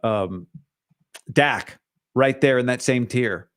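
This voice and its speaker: A man's voice: mid-range voice, slow pace, fairly bright tone. A man hosting a solo sports talk show, opinionated and hedging, with frequent restarts.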